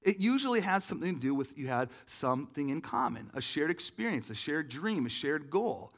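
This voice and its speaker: A man's voice: a little high, very animated, brisk. A man preaching a conversational sermon, talking casually with many fillers and asking the audience questions. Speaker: pastor.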